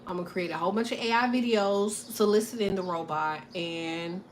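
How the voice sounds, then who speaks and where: A woman hosting a casual tarot livestream, delivering a profane, animated comedic rant and laughing often. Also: medium pitch, a little fast, slight background noise.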